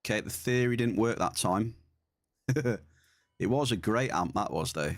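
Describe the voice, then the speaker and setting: Male streamer, lowish voice, dry close mic, relaxed banter. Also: measured pace, no echo. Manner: chatty, reads and answers chat. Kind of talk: casual gaming stream chat.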